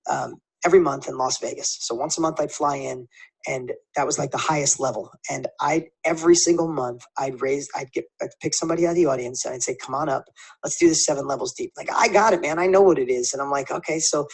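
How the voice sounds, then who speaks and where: A man telling an emotional motivational story in an earnest, fast manner, restarting phrases as he goes. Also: medium pitch, gravelly, husky.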